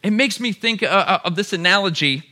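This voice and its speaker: A man's voice: high voice, a little fast, bright, forceful tone. A man preaching a sermon, calling the crowd "y'all" and building to emphatic repeated phrases.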